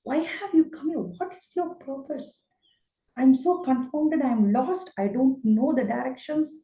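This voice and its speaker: A woman's voice: sits high, unhurried, mellow, pitched above the performer's own voice. A trembling young warrior pleads for answers in a raised, frightened voice, as a woman acts him out. He fires off confused questions and sounds lost. The sound is roomy and a little dull. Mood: terrified.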